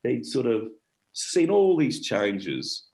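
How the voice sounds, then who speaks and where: Gravelly middle-aged Australian man storytelling. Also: medium pitch, very animated, slow pace, low-quality recording. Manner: rambling, warm-hearted, broken-off sentences. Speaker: guest actor and storyteller. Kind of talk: casual conversational storytelling.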